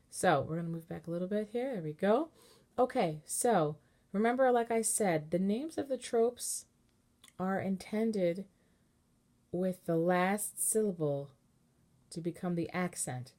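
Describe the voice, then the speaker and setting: A woman cantor giving a relaxed, patient lesson on chanting, explaining step by step and singing short chanted examples. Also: lowish voice, measured pace, pauses often. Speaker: cantor teaching Torah chanting. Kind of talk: informal online lesson with sung examples.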